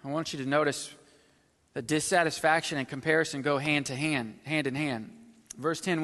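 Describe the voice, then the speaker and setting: A middle-aged male pastor preaching with a bright, forceful voice. He swings from loud, emphatic passages down to low, hushed asides. His sermon rings with a long reverb, as from a big hall. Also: steady tone, normal speed.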